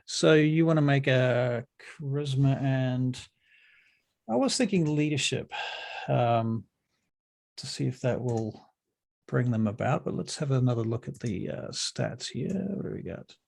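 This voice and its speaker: A man running a tabletop role-playing game as game master, narrating in a relaxed way with many ums. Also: medium pitch, a little slow, gravelly. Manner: relaxed, full of ums and uhs.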